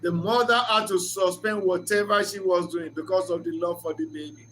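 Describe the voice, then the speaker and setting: An earnest man delivers a reflective, preacher-like talk and tells stories as he goes. His voice sits high and sounds bright. A faint ambient hum runs underneath. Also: steady tone, moderate pace. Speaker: speaker of a reflection channel.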